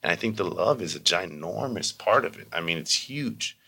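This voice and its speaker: A man's voice: sits low, moderate pace, creaky, slightly rough. A man who teaches meditation, telling stories in a casual interview and acting out the voices of people he quotes. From Baltimore. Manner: animated, acts out voices in quotes.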